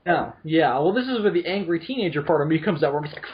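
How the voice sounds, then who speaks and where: A man's voice: a little high, lively intonation, fast talker, lo-fi sound, a little hiss or hum. A young man hosting a podcast, joking and rambling, with a slight lisp. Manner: joking, self-mocking, rambling. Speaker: podcast host. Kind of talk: casual podcast chat.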